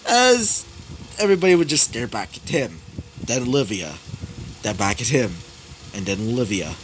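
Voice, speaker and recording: A man's voice: medium pitch, very animated, moderate pace, slight background noise, rough recording. A young man improvising a fan story, rambling with many fillers and self-corrections. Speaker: story narrator.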